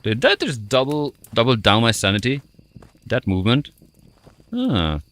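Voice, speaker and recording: Man with a wildly swinging pitch. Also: huge pitch swings, unhurried, fairly bright tone. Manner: playful, self-mocking, muttering to himself. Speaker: streamer playing a ghost-hunting game. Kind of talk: casual gameplay commentary. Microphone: headset.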